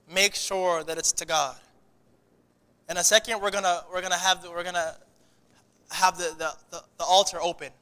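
Guy preaching, high bright voice, big echoey church, lots of restarts. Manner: animated preaching with many restarts. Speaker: pastor. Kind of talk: sermon.

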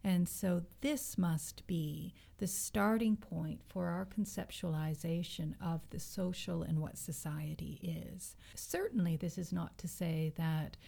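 A woman co-hosting a casual academic discussion, explaining ideas in a measured way. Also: on the low side, creaky, dark tone.

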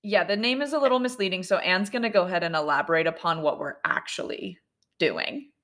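A young woman co-hosts a podcast with a somewhat low voice and an earnest, chatty way of talking. She fills pauses with ums. She sits on the floor at home with rough home-made audio. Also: a bit bright. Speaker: podcast co-host. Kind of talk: casual chat. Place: sitting on the floor in a house.

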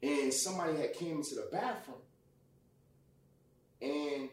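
A man tells a personal story in casual, profane talk and acts out the people in it. His voice sits a bit high for a man. He is heard from off the mic, and the room echoes around him. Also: measured pace, long pauses, recorded from a distance. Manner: animated, profane, acts out quotes loudly. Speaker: guest.

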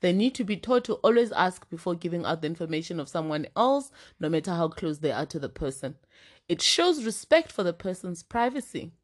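Animated woman podcaster. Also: fairly low pitch, a little fast. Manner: animated storyteller who acts out quoted voices. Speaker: podcast co-host. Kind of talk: casual chat.

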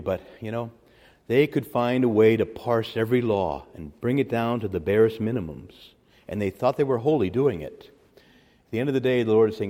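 A man preaching a teaching sermon as a priest, animated, acting out quotes with sudden loud, high bursts. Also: in a large hall.

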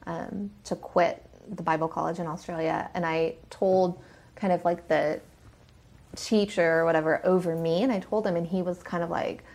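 A woman in a casual conversation, telling a personal story in an animated way and acting out what other people said. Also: on the low side, normal speed.

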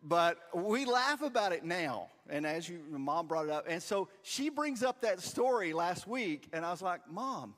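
Pastor telling a story in a reverberant church. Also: male voice, high voice, moderate pace, hardly any pauses. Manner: storytelling, self-deprecating and animated. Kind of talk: sermon. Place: church sanctuary.

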